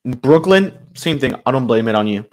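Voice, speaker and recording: A man's voice: medium pitch, animated, moderate pace, a little mellow. Male sports channel host, mid-range voice, exasperated improvised fan rant. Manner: frustrated, ranting, loosely improvised with fillers. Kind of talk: solo sports commentary rant.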